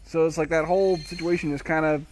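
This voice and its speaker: A man's voice: on the high side, steady tone, quick pace, faint music behind. A man streaming a video game live, rambling to himself with wry, casual commentary as he plays. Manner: rambling, self-talking, wry.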